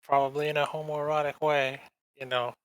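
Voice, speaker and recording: A man's voice: fairly high pitch, little pitch movement, fairly quick, fairly bright tone, clean tone, dry recording, rough recording. A man co-hosting a casual podcast chat, rambling in slang and briefly mimicking characters in exaggerated voices. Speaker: podcast co-host.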